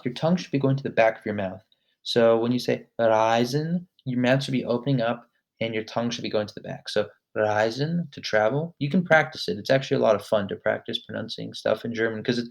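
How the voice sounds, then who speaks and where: A man hosts a casual vocabulary lesson as a language lesson host, speaking in a relaxed manner and filling gaps with "um." He pronounces each word slowly and then repeats it, using a mid-range voice.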